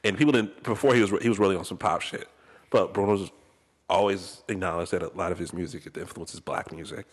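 Fast-talking low-voiced man, reverberant. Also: steady tone. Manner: blunt, joking, slangy. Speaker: podcast host. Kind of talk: casual chat. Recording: long hall reverb.

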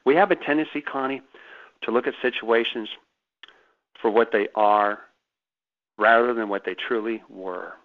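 Guy on a radio call-in, mid pitch, super animated, repeats himself a lot, tinny phone sound. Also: normal speed, pauses often. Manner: animated, emphatic storyteller who repeats words. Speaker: guest author. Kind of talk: radio interview.

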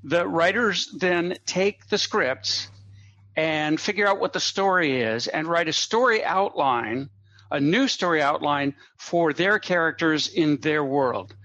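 A man telling a long anecdote as a guest on a podcast, a lively raconteur who drops in asides and chuckles. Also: on the high side, unhurried. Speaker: guest comedy writer. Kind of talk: anecdotal storytelling in a podcast interview. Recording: dull, slightly lo-fi dry audio.

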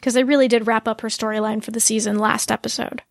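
Higher-voiced woman podcast co-host, dry sound. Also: vocal fry, no echo. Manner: animated, quick to laugh. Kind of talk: casual chat.

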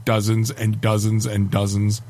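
A man from Canada hosting a casual comedy chat, reading online reviews aloud with wry, deadpan asides. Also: on the low side, a little slow, a little hiss or hum. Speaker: podcast host.

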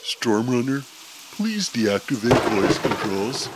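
A man voicing an excitable, nervous male superhero who pleads urgently in a raised voice. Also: medium pitch, slow pace, very noisy.

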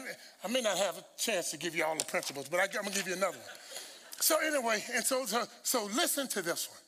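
A man preaching a sermon, telling stories with humor and repeating words when he rushes. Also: extremely high pitch, slightly rough, big-room sound. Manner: animated storytelling with humor.

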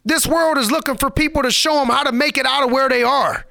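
A man's voice: extremely high pitch, fairly even intonation, fast talker, gravelly, bright, forceful tone, dry recording, clean studio sound. A man giving a motivational podcast monologue, preachy and emphatic, repeating lines for effect in casual street slang.

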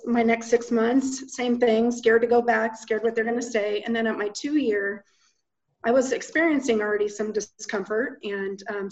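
A woman's voice: a little high, a little mellow. A woman guest giving a matter-of-fact personal account in an interview. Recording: dull lo-fi audio.

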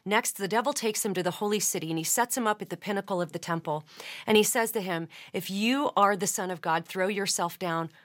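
A woman hosting a podcast, giving a measured teaching talk that quotes scripture at length. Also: mid-range voice, fairly bright tone. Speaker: podcast host.

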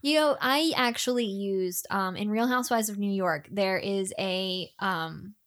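A woman who narrates audiobooks, chatting in quick, animated banter and laughing. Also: medium pitch. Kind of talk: casual chat.

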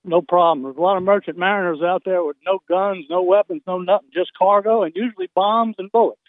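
A man's voice: high voice, brisk, no room sound. Man calling in over a tinny phone line. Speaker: caller. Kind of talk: call-in comment.

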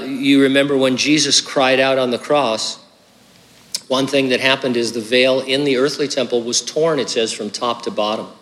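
Bright-voiced man preaching in a hall. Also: mid-range voice. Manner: earnest, conversational preaching with asides. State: hiccuping. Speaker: pastor. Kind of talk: sermon.

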